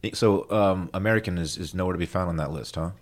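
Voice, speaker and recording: A man's voice: low voice, fast. A man co-hosting a podcast in casual chat, incredulous and swearing often, laughing along. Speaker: podcast co-host.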